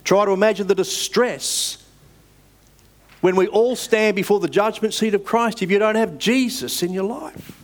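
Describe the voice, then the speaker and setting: A man delivers a sermon in a somewhat higher voice, earnest and measured. He pushes up hard on key phrases and then sinks back down to a soft, slow close. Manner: earnest, measured, with emphatic rises and soft drops. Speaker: preacher.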